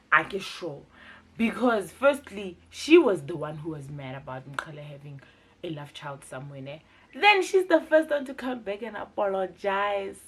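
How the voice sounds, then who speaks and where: A woman's voice: fairly low pitch, husky. A South African woman hosting a casual, chatty TV recap vlog, mixing local words into her commentary. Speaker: TV review vlogger.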